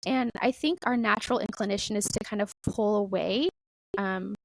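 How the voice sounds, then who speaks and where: A middle-aged woman talking casually about faith as a podcast guest, animated and full of "like" and "right?". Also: medium pitch, moderate pace, creaky, dry recording, rough recording.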